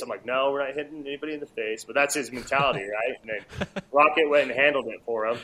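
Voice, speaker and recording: A man in his thirties, a fighter and father, chatting in a relaxed, rambling way with many "you know"s and restarts. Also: mid-range voice, quick pace, a little hiss or hum, rough recording. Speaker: guest, MMA fighter. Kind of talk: casual interview chat.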